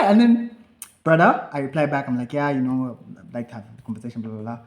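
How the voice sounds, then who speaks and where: With a fairly high voice and a slightly fast delivery, a young man shares a story while co-hosting a podcast. The chat is casual and he's animated, mimicking his own words and other people's, recorded in an echoey space.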